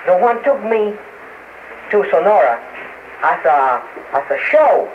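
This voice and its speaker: High, animated man on crackly archival radio. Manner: halting, hesitant, many restarts and fillers. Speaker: interview guest. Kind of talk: casual interview talk. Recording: noisy lo-fi archival radio, phone-like.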